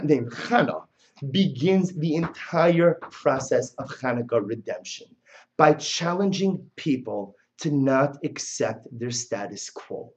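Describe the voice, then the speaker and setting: A male religious teacher giving a passionate lecture on religious texts, telling the story dramatically and moving between loud and soft. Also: a little high, muffled recording.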